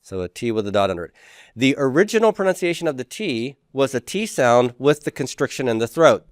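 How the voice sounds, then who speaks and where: Very animated and fairly quick, a Hebrew teacher with a mid-range voice lectures his class, elongating letter sounds and cracking joking asides. The audio is clean studio sound with no room sound.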